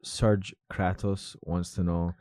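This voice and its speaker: Low-pitched male producer, hesitant question reader. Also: flat delivery, slow, darkish tone, dry recording. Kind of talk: casual chat.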